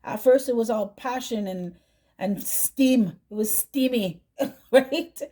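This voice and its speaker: Mellow-voiced woman giving a tarot reading. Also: a little high, takes it slowly. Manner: chatty, keeps asking "right?" and humming "mm-hmm". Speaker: tarot reader.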